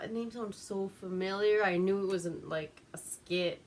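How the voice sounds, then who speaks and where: Giggly, slow-talking woman recapping a movie. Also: mid-range voice, fairly even intonation, slight background noise. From Alaska. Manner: giggly, profane, rambling with many fillers. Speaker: movie reviewer host. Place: at home.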